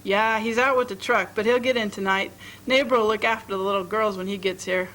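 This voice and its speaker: A woman's voice: mid-range voice, steady tone, brisk, fairly bright tone, a little hiss or hum, lightly acted. A woman voicing a brash young wife running off, who talks in breezy, boastful folksy slang. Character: brash young woman fleeing her marriage.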